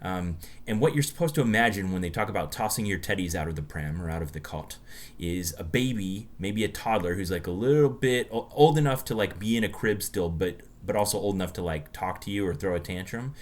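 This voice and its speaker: Deep-voiced American man telling stories. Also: a little fast. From United States. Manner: chatty storyteller, many restarts. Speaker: podcast co-host. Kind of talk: casual chat.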